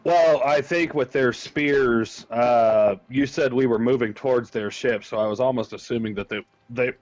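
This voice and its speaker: A man playing a tabletop game, talking slowly and haltingly with many fillers. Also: mid-range voice, darkish tone, no echo. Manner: slow, hesitant, halting with fillers. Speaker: player. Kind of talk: tabletop game play, casual. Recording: dull lo-fi sound.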